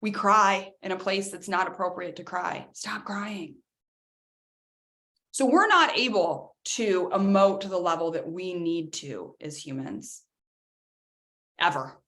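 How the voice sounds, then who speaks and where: A woman's voice: fairly low pitch, unhurried. Emphatic woman coaching an online workshop. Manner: energetic, emphatic, addresses listeners as guys. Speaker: wellness coach. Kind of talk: workshop talk to an online audience.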